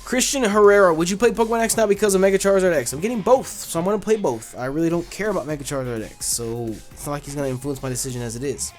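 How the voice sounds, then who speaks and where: Chill gamer dude doing viewer questions, says bro and um a lot, voice a bit on the high side. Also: male voice, racing, hardly any pauses, faint music behind. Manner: laid-back and blunt, many "um"s and "bro"s. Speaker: gaming YouTuber answering viewer questions. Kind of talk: casual Q&A chat.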